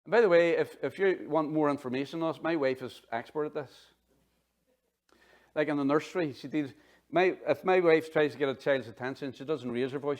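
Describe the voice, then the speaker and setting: A middle-aged man preaching a sermon in an animated, conversational way, full of asides. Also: on the high side. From Northern Ireland. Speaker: pastor.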